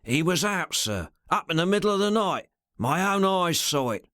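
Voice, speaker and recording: A male reader voices a coarse, fretful henchman who argues hard with his master. His voice is a soft purr with a snarl running under it, set higher than the reader's own, in a dry, close audiobook recording. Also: very animated, normal speed, no room sound. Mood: insistent. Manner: argumentative, coarse common speech. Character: rough loyal male henchman, fretful and scrappy.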